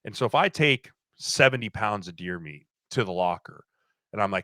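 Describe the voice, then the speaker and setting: A man in his thirties, a podcast guest, chatting casually and telling animated stories, acting out what people said. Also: fairly low pitch, fairly quick, no room sound. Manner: animated storyteller, acts out quotes. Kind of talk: casual chat.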